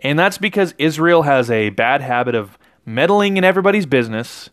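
A man's voice: on the high side, expressive, a little fast, no echo, studio quality. Rambling man hosting a podcast. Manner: rambling, with frequent self-corrections. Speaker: podcast host. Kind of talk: casual political commentary monologue.

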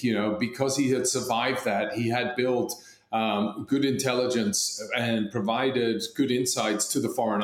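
A man's voice: mid-range voice, reverberant. A man in casual podcast chat, rambling with many fillers and restarts. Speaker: podcast co-host.

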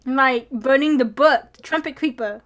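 A young woman casually recapping a drama episode, animated and laughing often, with casual swearing. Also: high voice, moderate pace.

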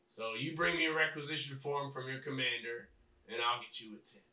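A man voicing an older, grizzled, one-eyed quartermaster who talks gruffly and matter-of-factly. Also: mid-range voice, a little fast, sharp tone. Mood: grumbling. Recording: roomy echo, mic at a distance.

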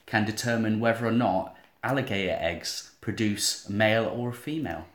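A man's voice: lowish voice, normal speed, a bit bright, reverberant. Man sharing animal facts. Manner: chatty, shares animal facts with dry jokes. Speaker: podcast co-host. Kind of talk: casual comedy chat.

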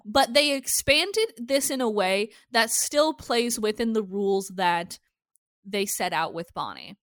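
A woman's voice: mid-range voice, measured pace, no room sound, clean studio sound. A woman hosting a podcast in casual chat, recapping a show animatedly and cursing freely. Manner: animated, swears freely, acts out characters' lines. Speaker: podcast host recapping episodes.

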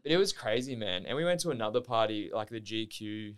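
A man's voice: fairly low pitch, expressive, fast talker, clean tone. A young Australian man telling a story in casual podcast chat, loose and sweary, leaning on "like" as a filler. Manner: loose, swears often, heavy use of "like". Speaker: podcast guest, Olympic diver.

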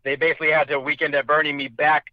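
A young man rambles through a crude story in casual chat, swearing freely and slipping into voices for the people he quotes. His voice sits fairly high. The sound is dull and lo-fi with no room echo. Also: flat delivery, very fast. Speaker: storyteller guest.

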